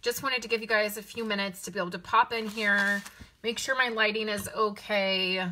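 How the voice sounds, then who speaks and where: A woman's voice: mid-range voice, sharp tone, a little hiss or hum. A woman hosting a live card-making stream, chatting casually and greeting viewers by name. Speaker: card-making livestream host.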